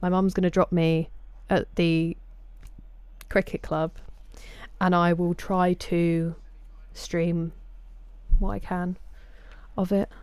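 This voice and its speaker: Low, mellow Sussex woman streaming. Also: flat delivery, slow pace, clean tone, no room sound. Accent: Sussex English. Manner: chatty, greets viewers by name. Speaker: game streamer. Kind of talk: casual live-stream chat.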